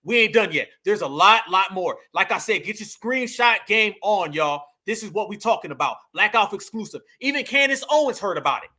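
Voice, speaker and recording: A man's voice: high-pitched, expressive, fairly quick, few pauses, bright, forceful tone. A man hosting a reaction commentary, talking emphatically and calling his viewers family. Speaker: commentary host.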